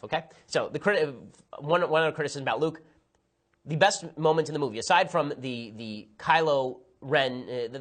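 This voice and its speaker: Brief: male commentator, quick sarcastic rant, exasperated asides, mid-pitched voice. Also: a bit bright. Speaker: political commentator. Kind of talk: rapid opinionated film review.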